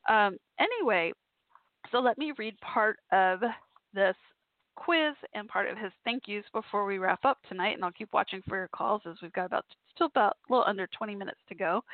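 A woman's voice: medium pitch, moderate pace, long pauses, no room sound. Woman podcast host, chatty and rambling, tinny phone-like sound, dry close mic. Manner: bubbly, rambling, laughs often. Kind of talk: casual chatty call-in show.

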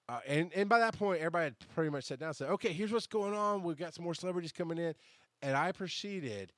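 A man hosting a podcast, telling a long story in a casual, animated way. He swears freely and laughs at himself. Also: mid-range voice, dry recording, clean studio sound. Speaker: podcast host.

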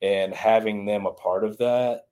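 A man in his thirties answers interview questions in an earnest, reflective way. His voice sits very low. He speaks in an even, level tone. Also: unhurried, clean tone. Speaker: baseball trainer and former strength coach. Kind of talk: casual interview talk.

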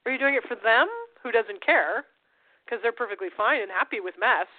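A woman co-hosting a talk show, explaining in a casual, animated way and acting out the voices she quotes. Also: fairly high pitch, a little fast, no room sound. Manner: animated, acts out quoted voices, repeats phrases. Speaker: podcast co-host. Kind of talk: casual conversational coaching talk. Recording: tinny phone-like line.

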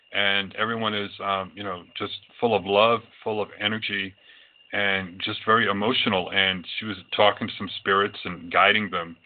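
A man who works as a psychic medium, telling his own experiences in a loose, rambling way with many fillers. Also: fairly low pitch. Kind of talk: casual storytelling talk. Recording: tinny phone-like audio.

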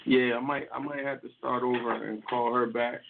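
A man's voice: medium pitch, flat delivery, normal speed, gravelly, noisy background. A man hosting a casual call-in show from home, talking loosely and directly to his listeners over a phone. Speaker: host. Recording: tinny phone-line sound.

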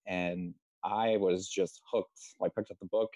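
A man's voice: sits low, fairly even intonation, a little slow, darkish tone, dry recording. A man from Massachusetts telling his personal story as a guest on a video call, hesitant and full of ums. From Massachusetts, United States. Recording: muffled video-call audio.

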